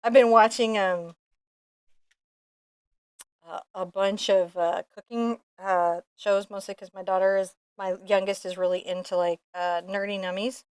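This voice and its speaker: A middle-aged woman chatting in an opinionated, animated way while teaching a painting lesson. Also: mid-range voice, measured pace, clean tone, dry recording, clean studio sound. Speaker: painting instructor. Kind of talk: casual painting lesson chat.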